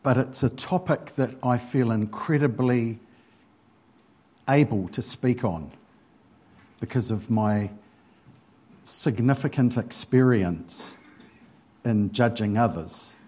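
A man preaching a church sermon, unhurried and hesitant, with frequent pauses and ums. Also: medium pitch, dark tone, husky.

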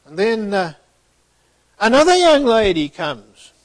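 Slow, expressive male preacher. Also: high voice. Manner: storytelling, acting out dialogue with rising emphasis. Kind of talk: sermon.

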